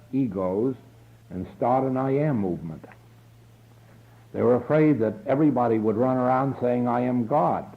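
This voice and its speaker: A man giving a slow, earnest spiritual lecture in a church hall, from a 1950s archival tape recording. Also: medium pitch, phone-quality sound. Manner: slow, earnest, deliberate delivery. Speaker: spiritual teacher.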